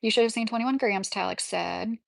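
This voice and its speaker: A woman's voice: on the high side, brisk, creaky, no room sound. Chatty woman with a Kentucky accent, close dry mic. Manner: chatty, sympathetic, many "like" fillers. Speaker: livestream host reading chat. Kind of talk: casual livestream chat.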